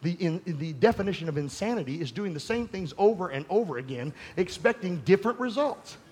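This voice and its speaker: A pastor with a drawl delivers a fervent sermon in a notably high voice. He talks straight to his congregation with casual asides, then climbs into shouting at the peaks. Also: animated, a little fast, slightly rough.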